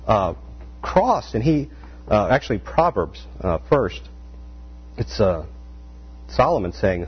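A man preaching a conversational sermon, animated, full of rhetorical questions and acted-out quotes. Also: mid-range voice, unhurried, pauses often, husky. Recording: dull lo-fi sound with faint mains hum.

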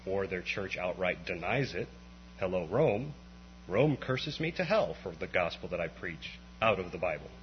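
A man's voice: deep voice, normal speed. Guy preaching a sermon, voice jumps all over when he gets fired up, kinda muffled lo-fi recording. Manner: animated, swings from quiet to impassioned rising outbursts. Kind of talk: conversational sermon. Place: evening church meeting. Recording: dull lo-fi recording with faint mains hum.

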